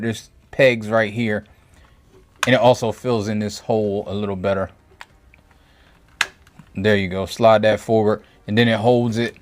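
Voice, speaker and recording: A man giving a casual toy review from his home review table, rambling and thinking aloud with frequent self-corrections. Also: lowish voice.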